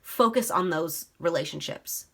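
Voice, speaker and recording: A woman's voice: on the low side, measured pace, vocal fry, bright, forceful tone. A woman giving a casual tarot reading, talking straight to her viewers and swearing freely. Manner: chatty, swears freely, addresses viewers directly. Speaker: tarot reader.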